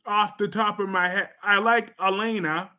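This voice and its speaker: A man hosting a casual livestream, reading viewer comments in a sassy, emphatic way with sudden loud bursts. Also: sits high, fairly even intonation, normal speed.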